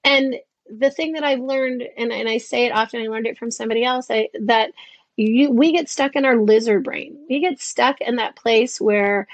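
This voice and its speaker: Animated fifties woman, dry close sound. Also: on the high side, moderate pace, dry recording. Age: 50s. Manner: animated, acts out quoted voices. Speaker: guest. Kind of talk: casual interview chat.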